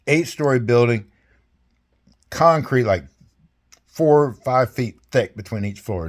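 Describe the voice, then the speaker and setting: Older man, army veteran, rambling folksy storyteller, salty language, video call. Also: lowish voice. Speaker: veteran interviewee. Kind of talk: casual storytelling interview.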